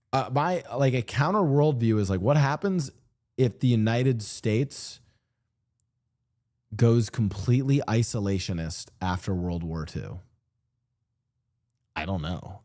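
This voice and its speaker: A man streaming and chatting casually about world politics, rambling and animated, often restarting his sentences and slipping into mock voices. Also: mid-range voice, slow, long pauses. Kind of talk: casual livestream chat. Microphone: streaming desk mic.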